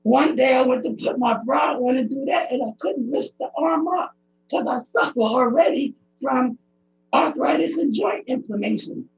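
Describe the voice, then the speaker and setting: Emotional woman with a gravelly high voice. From United States. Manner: emotional, pleading, halting speech. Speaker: public commenter at a hearing. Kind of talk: personal testimony. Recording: dull lo-fi recording.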